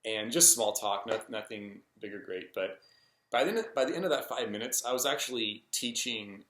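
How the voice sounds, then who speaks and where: Low-voiced man rambling a personal story. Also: normal speed, a bit bright, slight background noise. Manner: casual, hesitant, full of ums and restarts. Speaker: vlogger. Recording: echoey room.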